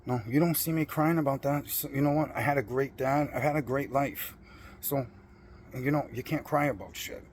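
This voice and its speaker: A man's voice: mid-range voice, normal speed. Man, middle-aged, profane, boastful, defiant rant, mid-range voice, faint background hiss. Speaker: vlogger. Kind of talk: blunt personal rant.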